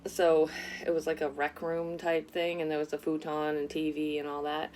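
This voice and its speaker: Low-voiced woman telling a story casually. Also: normal speed, a little hiss or hum. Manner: candid, frequent swearing, animated retelling. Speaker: psychic vlogger telling a personal story.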